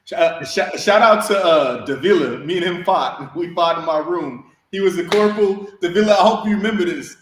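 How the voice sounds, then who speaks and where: A man's voice: sits high, a little fast, few pauses. Laughing, crude man telling stories. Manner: crude, laughing, rambling anecdotes. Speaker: podcast co-host, Marine veteran. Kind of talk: casual storytelling chat. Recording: roomy echo.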